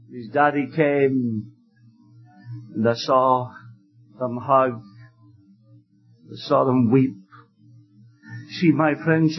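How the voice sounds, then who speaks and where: A man preaching an evangelistic sermon, telling stories fervently and emphatically, with loud exclamations at times. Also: very high-pitched, dull audio.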